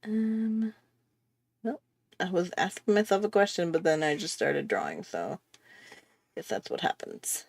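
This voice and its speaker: A woman's voice: fairly low pitch, lively intonation, unhurried, vocal fry, pauses often, darkish tone. A woman chatting casually while she draws on a livestream, self-mocking and laughing often. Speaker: artist hosting a drawing livestream. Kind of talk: casual chat while drawing.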